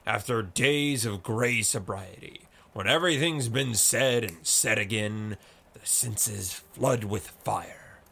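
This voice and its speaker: A man's voice: mid-range voice, vocal fry, pushed and bright, slightly rough, heavily acted. A man voicing a swaggering male sea captain who roars and rhapsodizes in a storybook reading. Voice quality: roaring, impassioned.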